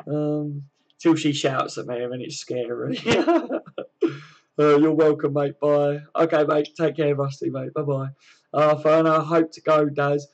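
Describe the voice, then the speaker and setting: A man chats casually on his home livestream, reading comments aloud and greeting viewers. His voice sits a little higher than most men's, friendly and loose. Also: unhurried, highs cut off. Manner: chatty, friendly, lots of fillers and "mate". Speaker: livestream host.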